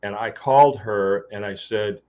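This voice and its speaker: A man's voice: fairly low pitch, measured pace. A man hosting a podcast, telling a story in a loose, rambling way with fillers and restarts. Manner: rambling, with many fillers and restarts, acting out quoted dialogue. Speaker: podcast host. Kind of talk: casual storytelling monologue. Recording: dull lo-fi sound.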